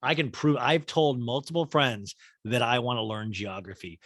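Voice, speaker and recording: A man hosting a comedic TV recap podcast, rambling with quick self-mocking asides. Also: mid-range voice, steady tone, a bit bright, no room sound. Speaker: podcast host.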